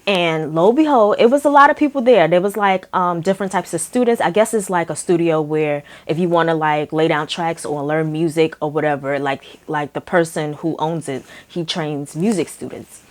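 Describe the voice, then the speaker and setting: A young woman telling a story from her work as a makeup artist in a casual, animated way, acting out the dialogue. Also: low-pitched, moderate pace, hardly any pauses. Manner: chatty, animated, acts out dialogue with laughs.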